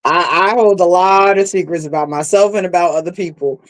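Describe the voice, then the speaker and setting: A woman's voice: on the low side, fairly quick, rough recording. A woman guest on a casual talk show, speaking bluntly and confidently, with emphatic repetition. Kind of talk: casual chat.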